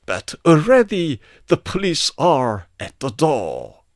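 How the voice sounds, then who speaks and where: A man reading an epic poem aloud as a narrator, in a slow, expressive delivery. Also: on the high side, dry recording, clean studio sound.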